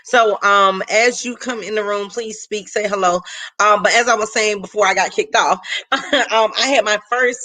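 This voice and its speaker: A woman's voice: medium pitch, steady tone, moderate pace, bright, forceful tone. A woman hosting a faith-based live stream, chatting casually with viewers and greeting them by name.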